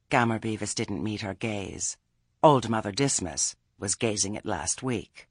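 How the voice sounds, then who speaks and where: A man's voice: lowish voice, a little slow, husky, no room sound, clean studio sound. A man reading a story aloud as narrator, with a wry telling. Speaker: audiobook narrator. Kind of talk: scripted narration.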